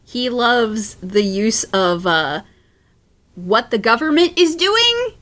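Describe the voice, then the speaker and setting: A woman guest on a chat podcast who talks at an unhurried pace. Her pitch swings widely and she laughs a lot, with many fillers between thoughts. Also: sing-song, a bit bright. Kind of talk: casual chat.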